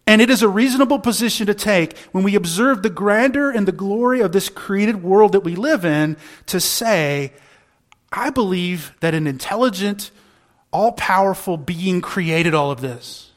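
Earnest, high-voiced male preacher. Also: lively intonation, normal speed. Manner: earnest, repeats words when restarting, rhetorical questions. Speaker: pastor. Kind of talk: sermon.

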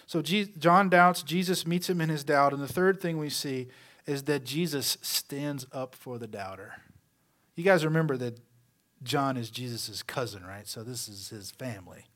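A male pastor preaching a conversational sermon, asking rhetorical questions and letting his voice fall soft at the ends of phrases. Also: mid-range voice, moderate pace.

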